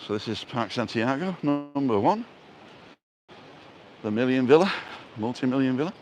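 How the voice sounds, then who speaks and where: Walking outdoors down a seaside resort street, a man hosts a casual live stream on his handheld phone camera. His mid-range voice is expressive and moves at a normal pace. As a vlogger, he's chatty and self-mocking, with plenty of puns.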